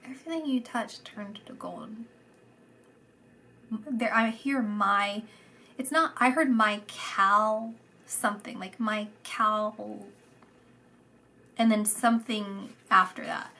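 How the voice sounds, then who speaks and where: A woman giving a channelled psychic reading, soft and meandering, repeating words and sometimes dropping into a whisper. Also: mid-range voice, steady tone, takes it slowly, long pauses. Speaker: psychic reader.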